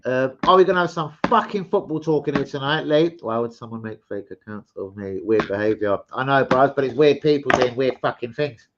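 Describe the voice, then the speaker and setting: A man hosting a casual live stream, swearing freely, rambling and giving loud shout-outs to chat. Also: medium pitch, fairly quick, hardly any pauses. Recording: slightly muffled stream audio.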